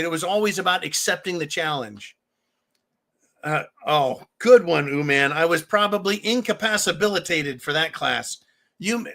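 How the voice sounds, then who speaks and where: Brash, bright-voiced livestream host. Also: male voice, on the high side. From California. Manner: boisterous, profane and joking, reading donations aloud. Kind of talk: casual live-stream chat.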